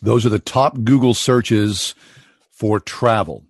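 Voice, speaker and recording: A man's voice: fairly low pitch, takes it slowly, no room sound. A middle-aged man co-hosts a radio talk show from a spare room at home. His delivery is loose and rambling, full of fillers and restarts. The sound is dry and close. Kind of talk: casual on-air chat.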